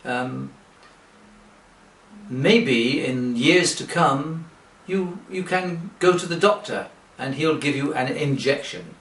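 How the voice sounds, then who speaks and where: Slow-spoken man, roomy distant sound. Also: fairly high pitch, animated, a bit bright. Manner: slow, deliberate, with rhetorical questions. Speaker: English teacher. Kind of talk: direct-to-camera sales pitch. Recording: roomy, from away from the mic.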